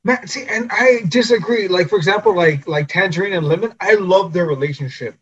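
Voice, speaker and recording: A man's voice: sits high, brisk, breathy edge, highs cut off. A man co-hosting a casual movie review chat, earnestly defending the film and swearing casually. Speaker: podcast co-host reviewing a film.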